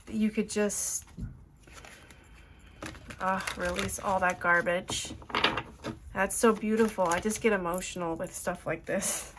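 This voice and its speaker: A woman's voice: mid-range voice, fairly even intonation, slow pace, pauses often, a bit bright, a little hiss or hum. A woman giving an earnest, emotional tarot reading, rambling with fillers as she talks to her viewers. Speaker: tarot reader.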